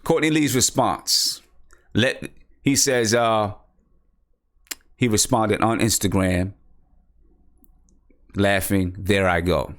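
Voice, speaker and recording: Low-voiced man rambling about basketball. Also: takes it slowly, long pauses, fairly bright tone. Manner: rambling, repeats himself, thinks aloud. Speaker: basketball podcast host. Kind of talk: casual live-stream sports talk.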